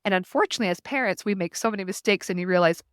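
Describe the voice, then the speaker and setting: A woman's voice: mid-range voice, very fast, clean tone, no echo, studio quality. A woman in her thirties, a podcast guest, talking earnestly and reflectively in long flowing runs. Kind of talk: casual conversation.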